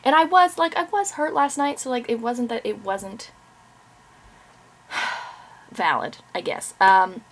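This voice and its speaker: Creaky-voiced woman chatting candidly at home. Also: a little high, slow, long pauses, a bit bright. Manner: candid, rambling, many fillers and restarts. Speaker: author and vlogger. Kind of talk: casual vlog chat.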